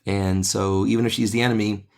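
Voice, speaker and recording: A man's voice: fairly low pitch, little pitch movement, brisk, darkish tone. Conversational man teaching a play. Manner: conversational, keeps asking "right?". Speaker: podcast host teaching literature. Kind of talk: casual literature lesson.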